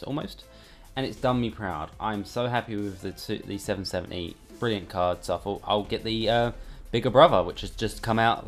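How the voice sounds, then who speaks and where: A man chatting casually and irreverently while unboxing gear in a bedroom at home. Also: lowish voice. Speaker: hardware reviewer. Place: bedroom at home under a studio light.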